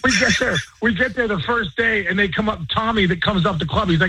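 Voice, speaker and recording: Raspy high-voiced man telling animated stories. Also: fast, few pauses, no echo, low-quality recording. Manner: excited, repeats words, quotes others in short voices. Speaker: guest, former pro ballplayer. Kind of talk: animated storytelling on a radio show.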